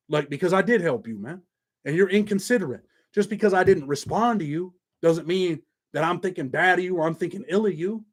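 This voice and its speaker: A middle-aged man talks straight to his viewers in a blunt, streetwise manner, with a voice that sits a little high for a man. He swears freely and keeps it loose and conversational. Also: fast talker. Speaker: YouTube channel host. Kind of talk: casual monologue to viewers.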